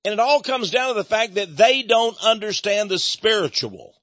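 A man with a high, slightly bright voice and lively intonation talks at normal speed as host and leader of a radio ministry. His appeal for donations is folksy and earnest, followed by Bible teaching, and he often restarts. There's no echo, but the sound is lo-fi.

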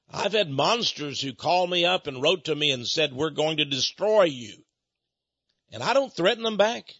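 Male televangelist preacher, fairly high, bright husky voice; folksy and emphatic, repeats for effect. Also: no room sound, dull audio. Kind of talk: televangelist sermon with a fundraising appeal.

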